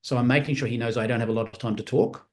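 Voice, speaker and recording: A man giving a live-streamed training talk on making sales calls, energetic and lively, acting out phone conversations in different voices. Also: mid-range voice, racing. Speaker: network marketing trainer. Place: room on a live stream with screens.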